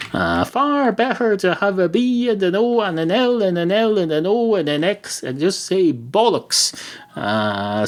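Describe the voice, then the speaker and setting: An Irish man hosting a podcast, delivering a rambling, sweary comic monologue. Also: medium pitch. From Ireland. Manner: ranting, sweary, rambling with many uh fillers. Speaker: podcast host.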